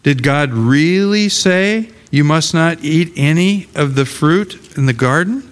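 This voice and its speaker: A man's voice: fairly high pitch, animated, slow pace, clean tone, in a large hall. Sly serpent, as a male pastor reads it out. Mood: coaxing.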